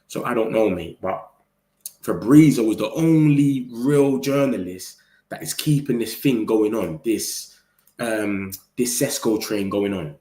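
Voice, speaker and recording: A man hosting a football channel, chatting casually with viewers in slangy, animated talk. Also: lowish voice, measured pace, roomy sound. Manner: slangy, animated, talks straight to chat. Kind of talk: casual live-stream chat reading viewer comments.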